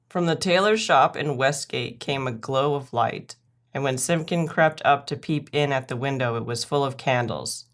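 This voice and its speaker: A woman reading a classic children's story aloud, gentle and expressive, lifting her voice into sing-song for the rhymes. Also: rumbling low, normal speed.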